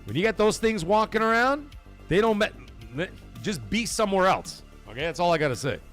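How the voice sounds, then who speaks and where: A man hosting a gaming livestream from home talks in loose, profane banter with his chat. His voice is fairly high for a man and swings widely in pitch. Faint music plays under him. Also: sing-song, brisk, a bit bright. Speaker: livestream host. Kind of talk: casual livestream chat, reading out chat.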